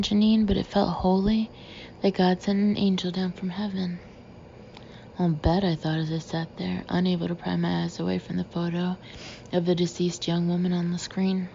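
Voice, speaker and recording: Woman narrator, first-person audiobook, flat low delivery, gravelly. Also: muffled recording, a little hiss or hum.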